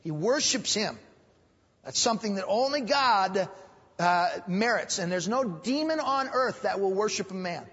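Man, pastor, emphatic sermon, high husky voice, dull hall recording with long reverb. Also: lively intonation, a little slow, fairly bright tone. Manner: emphatic, repeats phrases, voice rising to stress points. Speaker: pastor teaching Sunday school. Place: church hall.

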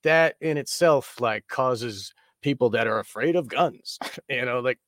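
A man's voice: medium pitch, unhurried, a bit bright, no echo. Man rambling on a dry mic. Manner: rambling, hedging with "you know" and "like". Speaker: podcast co-host. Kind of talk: film discussion podcast.

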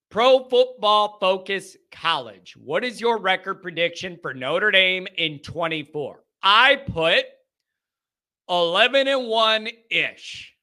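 A man hosting a sports podcast lays out his predictions in an emphatic, opinionated, sarcastic manner, a casual bit of sports commentary. His voice sits high, with lively intonation and a pushed, bright quality, and he takes his time.

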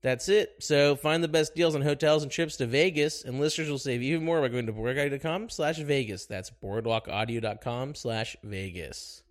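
A man hosting a podcast, hungover, reading an ad in a dry deadpan voice with joking asides, then chatting with a guest. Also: medium pitch, brisk, few pauses. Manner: dry, deadpan ad read with self-mocking asides. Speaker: podcast host. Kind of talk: casual podcast talk and ad read.

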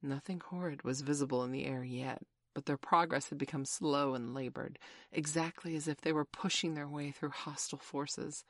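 A woman narrating a children's storybook in a gentle, measured way. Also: low voice, fairly even intonation, no room sound, clean studio sound.

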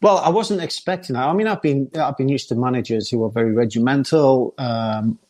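An older man, telling a lively football anecdote and often laughing. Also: medium pitch, brisk. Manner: laughs often, lively storyteller acting out others. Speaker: former footballer guest.

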